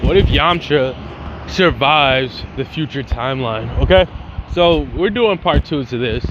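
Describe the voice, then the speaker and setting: A man's voice: on the high side, a bit bright. A young man casually narrating a fan story as channel host, rambling and slangy with a lot of swearing. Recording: dull lo-fi sound with faint noise.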